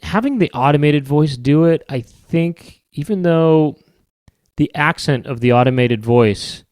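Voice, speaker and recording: A man's voice: mid-range voice, darkish tone, smooth, no room sound. Rambling, wry man, dry sound. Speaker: podcast host. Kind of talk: casual comedic monologue.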